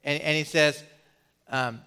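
A middle-aged man preaching a sermon as a pastor, putting questions to the congregation and pausing for effect. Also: on the high side, steady tone, pushed and bright, clear, resonant tone.

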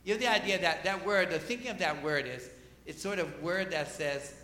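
Male preacher, emphatic sermon delivery, bright edge, roomy hall sound. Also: moderate pace, slight background noise. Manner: emphatic, rising to loud peaks then dropping low.

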